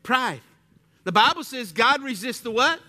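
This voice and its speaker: Man, pastor, lively sermon, call-and-response, high voice. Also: measured pace. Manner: animated call-and-response preaching with rhetorical questions.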